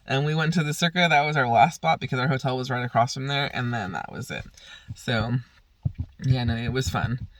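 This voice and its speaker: A man's voice: medium pitch, fairly quick, fairly bright tone, slight background noise. A young man casually telling a rambling, profane story on his vlog, often laughing. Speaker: vlogger.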